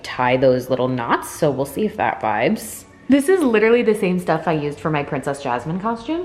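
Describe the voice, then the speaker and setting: A young woman vlogging casually, gushing and excitable with frequent gasps and giggles, over background music. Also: deep voice. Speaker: lifestyle vlogger. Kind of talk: casual vlog chat.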